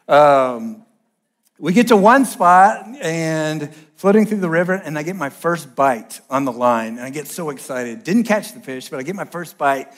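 A young man gives a sermon, slightly higher-pitched than most men. He tells stories with animated, self-deprecating humor and drops from loud bursts to hushed asides. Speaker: pastor. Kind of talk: sermon with personal storytelling.

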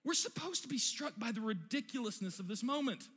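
A male pastor preaching a sermon with animated, emphatic storytelling. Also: very high voice, a little fast, husky, big-room sound.

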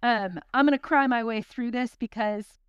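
A woman's voice: a little high, normal speed, clean tone, no room sound, dull audio. A young woman teaching a Bible study, talking in a chatty, intense, self-deprecating way, then praying over the group. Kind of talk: sermon with closing prayer.

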